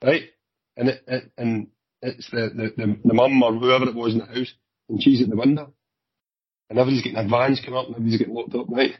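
A very husky, rough-edged Glaswegian man spins off-the-cuff stories from his years on the force. He talks in quick, animated bursts with the odd curse, close and dry on a dull, lo-fi recording. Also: medium pitch, dry recording. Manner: animated, swearing, hurried storyteller. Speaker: former police officer. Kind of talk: casual anecdotal storytelling. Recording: dull lo-fi sound.

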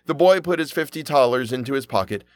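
Lively man reading a fairy tale. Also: mid-range voice, quick pace. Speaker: narrator. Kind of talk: storybook reading.

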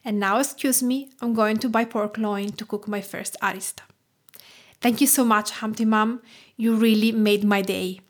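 A woman's voice: fairly high pitch, steady tone, normal speed. A woman from Tuscany with an Italian accent, hosting her cooking podcast in a scripted, grateful tone. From Tuscany, Italy. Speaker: podcast host, food writer.

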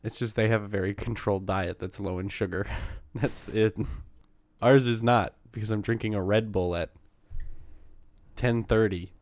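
A man co-hosting a casual podcast chat, telling stories with animated laughter and casual swearing. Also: on the low side, normal speed, no echo.

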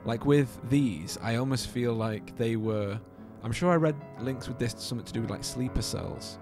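A man's voice: medium pitch, moderate pace, over music. A young man co-hosting a podcast, chatting casually and animatedly, swearing and losing his train of thought. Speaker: podcast co-host. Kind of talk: casual chat.

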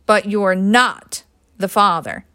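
A woman reading the part of a cheerful, brisk woman doctor in an audiobook. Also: mid-range voice, sharp tone, dry recording.

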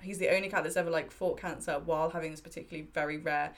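A woman's voice: low voice, fairly even intonation, racing, crowd noise. A woman in her thirties telling personal stories in a candid, heartfelt way during a casual chat. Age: 30s.

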